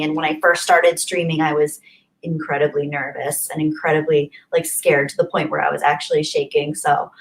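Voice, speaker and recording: A woman chatting casually on a live stream from her home webcam setup, reading chat and greeting viewers with bubbly, gushing excitement and little gasps. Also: on the low side, poor audio. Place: home, apartment.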